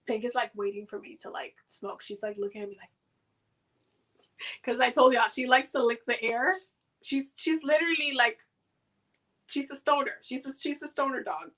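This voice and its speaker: A woman with a high voice hosts a casual livestream oracle card reading. Her tone is bright and sharp. She chats loosely and slangily, looping back over her words as she goes. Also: steady tone, moderate pace, pauses often, poor audio. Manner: chatty and loose, slangy, many fillers and repeats. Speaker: oracle card reader hosting a live reading. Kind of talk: casual livestream chat during card pulls.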